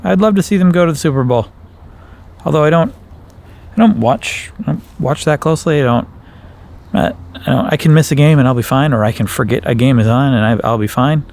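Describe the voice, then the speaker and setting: A man's voice: a little fast, creaky, a little mellow. Rambling Wisconsin man vlogging in a backyard. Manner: rambling, self-correcting, playful, with big jumps up in pitch. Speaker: YouTuber. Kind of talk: casual vlog chat. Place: outdoors in a backyard.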